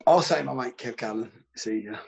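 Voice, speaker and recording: Male ex-footballer, gravelly voice, animated, swears freely. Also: mid-range voice, fairly quick, lo-fi sound. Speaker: former footballer guest. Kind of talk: casual anecdote telling.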